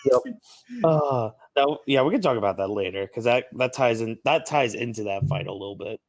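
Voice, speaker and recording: A man co-hosting a casual review podcast, swearing freely and mocking crowds with loud put-on voices. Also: mid-range voice, moderate pace, no echo, studio quality. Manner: profane, animated, mocks crowds in shouted put-on voices. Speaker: podcast co-host.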